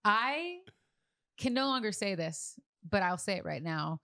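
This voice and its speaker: A woman's voice: mid-range voice, very animated, unhurried, bright, forceful tone, no echo, studio quality. A woman in her thirties co-hosting a casual podcast, chatty and upbeat, laughing easily. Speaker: podcast co-host. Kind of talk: casual chat.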